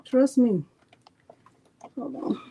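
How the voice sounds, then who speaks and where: A middle-aged woman running a crafting livestream, her voice sitting a touch high. She chats with viewers as "y'all" and pokes fun at herself. Under her voice there is a faint hiss while she mutters to herself over the work. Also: very slow, muffled recording. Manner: chatty, addresses viewers as y'all, self-teasing. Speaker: crafting channel host.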